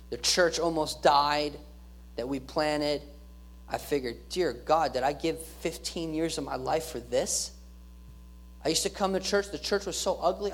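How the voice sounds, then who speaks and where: A male pastor giving an earnest sermon, repeating key phrases and restarting his words as he preaches. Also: on the high side.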